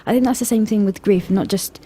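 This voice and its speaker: Speaking quickly in a husky, dark-toned voice of medium pitch, this young adult co-hosts a relaxed youth radio chat at a studio mic. She meanders, hesitates, and laughs a lot.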